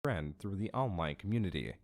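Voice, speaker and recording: A man narrating an online drama documentary in a measured, explanatory way. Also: low-pitched, lively intonation, creaky, no echo, clean studio sound. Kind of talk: scripted narration.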